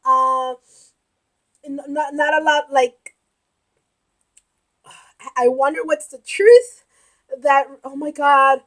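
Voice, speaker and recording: A young woman with a very high voice hosts a reaction video. She is excitable and emotional, shouting and giggling between comments, but her speech is slow.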